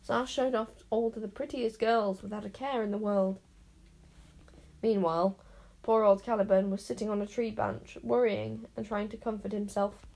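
A woman's voice: mid-range voice, moderate pace, gravelly. Woman reading a storybook aloud expressively. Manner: expressive, lively character voices. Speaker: narrator.

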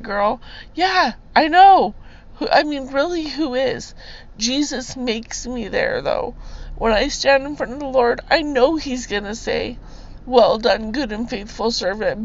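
A young woman speaks slowly and earnestly, giving a heartfelt faith testimony on her podcast, her voice sitting a little high. The sound is slightly dull and lo-fi, with a faint hiss underneath. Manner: earnest and preachy, tearful at times.

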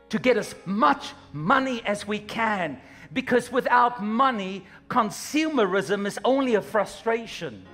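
A man preaching a sermon, animated and humorous, acting out little scenes as he goes. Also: high-pitched. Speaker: pastor.

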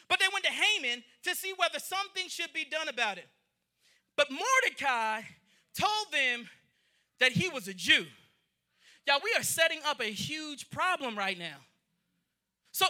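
A man preaching a sermon to a congregation, retelling a Bible story in lively character voices and calling on the crowd to respond. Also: extremely high pitch. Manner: animated, acts out the story in voices, calls to the congregation. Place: church in front of a congregation.

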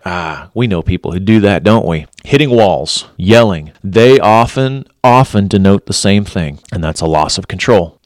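A middle-aged man with a lowish voice talks straight to the listener about relationships, drawing on his years as a police officer. He is blunt and emphatic and hammers home his points by saying them twice. The sound is dry and close, with no room around it. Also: animated, moderate pace, few pauses, no room sound. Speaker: former police officer giving relationship advice. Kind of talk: earnest direct-to-camera advice talk.

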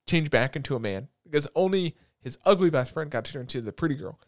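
A young man hosting a casual chat, recapping a story in an animated, rambling, crude and joking way. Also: on the high side, fairly quick, dry recording, clean studio sound.

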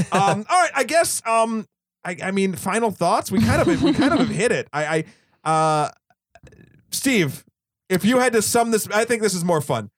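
A man hosting a casual movie podcast, voice sitting a bit high for a man. He rambles, swears freely and breaks into laughs. The sound is close and dry, with no room around it. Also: sing-song, moderate pace, no room sound. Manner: rambling, profane, laughs often. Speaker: podcast host.

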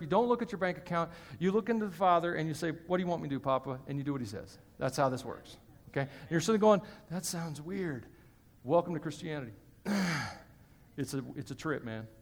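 In a church with hall reverb, a male pastor preaches in a high, expressive voice at a quick pace. He keeps the sermon conversational, chatting and joking with the congregation between his points.

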